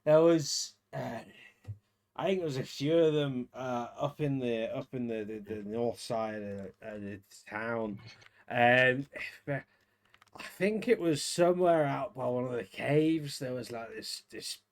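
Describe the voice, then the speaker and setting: A man's voice: medium pitch, slow. A man voicing a plain-spoken town guard who keeps his word. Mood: casual. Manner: plain-spoken, blunt, casual. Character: gruff, honest male town guard.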